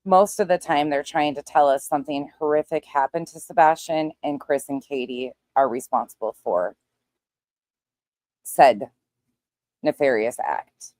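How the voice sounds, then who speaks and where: A woman with a notably low voice comments on a livestream clip in a dry, mocking tone. Her voice sounds close and dead, with no room around it. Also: a little slow, a little mellow, no room sound. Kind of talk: sarcastic commentary over a clip.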